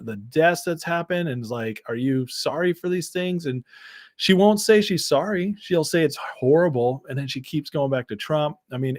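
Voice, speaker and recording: A man's voice: mid-range voice, no room sound, studio quality. An American man hosting a live stream, reacting to clips and the chat with laughing, sarcastic commentary. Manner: mocking, laughing, sarcastic asides. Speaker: streamer host.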